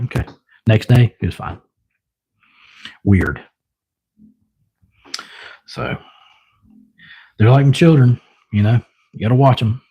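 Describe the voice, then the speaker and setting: A man's voice: mid-range voice, dark tone, husky. A man livestreaming, casually telling a rambling story, chuckling often and mimicking his pets.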